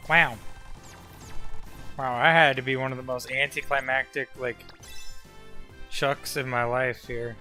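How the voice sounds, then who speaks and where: A man's voice: mid-range voice, steady tone, a little slow, pauses often, pushed and bright, faint music behind. A young man casually commenting while streaming a game, loose and profane, rambling with lots of filler words.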